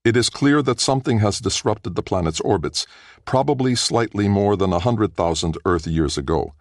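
A man voicing a ship's master computer in an audiobook, with a flat, bland delivery. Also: lowish voice, moderate pace, no room sound, clean studio sound, pitched above the performer's own voice.

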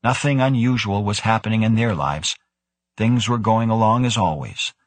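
A male audiobook narrator reads in a steady, measured way, with a low and slightly husky voice. The recording is dry and close, with no room sound. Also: no room sound. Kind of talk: scripted narration.

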